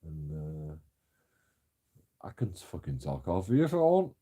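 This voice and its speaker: A man's voice: low voice, huge pitch swings, a little slow, warm tone, breathy edge. A young man telling a story in a casual, sweary rant, often laughing and mocking. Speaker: vlogger. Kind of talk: casual ranting monologue.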